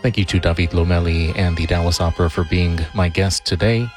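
A male radio reporter reading a scripted news segment in a measured, even way. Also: low-pitched. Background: music bed.

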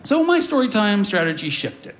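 A man's voice: high voice, sing-song, normal speed, fairly bright tone. A middle-aged man telling a comic personal story on stage to a live audience, with wry, self-deprecating asides.

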